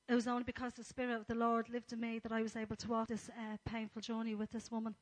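A woman giving an earnest, gentle talk at church, with frequent fillers. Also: a little high, completely flat delivery, quick pace, poor audio. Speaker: church speaker. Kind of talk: sermon talk.

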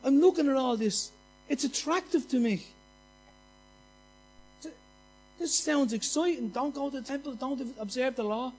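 Male preacher, very high voice, passionate and repetitive, folksy anecdotes from the pulpit. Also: normal speed, pauses often, darkish tone, breathy edge. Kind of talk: sermon.

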